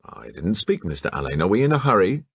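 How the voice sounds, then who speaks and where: A man voicing a stolid, dry middle-aged male police sergeant who speaks low and deadpan. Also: quick pace, vocal fry, breathy edge, heavily acted.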